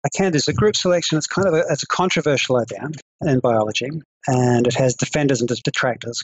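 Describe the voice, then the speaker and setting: A man's voice: medium pitch, low-quality recording. A man with a New Zealand accent, a psychology professor and podcast guest, explaining carefully and hedging his claims. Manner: measured, careful explaining with hedges. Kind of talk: conversational interview.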